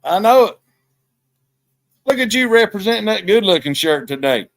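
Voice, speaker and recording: A man's voice: high voice, sing-song, normal speed, dry recording. A man hosting a podcast as a casual live-stream chat. He jokes in a folksy, plainspoken way. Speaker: podcast host.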